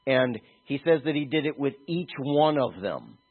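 A man preaching a sermon, talking animatedly and moving from soft, slow stretches to emphatic ones. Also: mid-range voice, very animated, husky. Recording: tinny phone-like audio.

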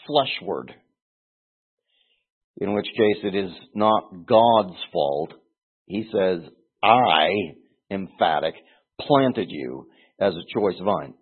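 A man's voice: on the low side, husky. A man teaching through a Bible passage in an earnest, explanatory way, often restarting phrases and pressing hard on key words. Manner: earnest, explanatory, with frequent restarts and emphatic stresses. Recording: tinny phone-like recording.

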